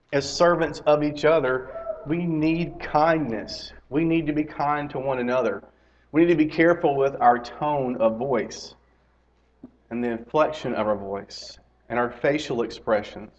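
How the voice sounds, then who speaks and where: On a slightly dull lo-fi recording with a little hiss or hum, a middle-aged lay preacher and teacher talks to his congregation in a conversational sermon. His pitch is fairly high, and he keeps repeating key phrases and questioning listeners directly.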